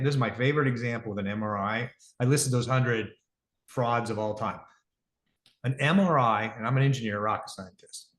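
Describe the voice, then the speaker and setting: A man's voice: medium pitch, fairly bright tone. A middle-aged man talking casually as an interview guest, rambling, correcting himself as he goes, earnest about his business. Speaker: guest, device company founder. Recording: roomy echo.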